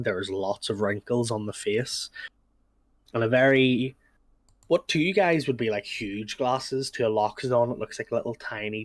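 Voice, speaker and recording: A man runs a tabletop game and describes the scene in a relaxed, rambling way, full of fillers. His voice sits low and he talks slowly. The recording is dry and close. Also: no echo. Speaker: game master.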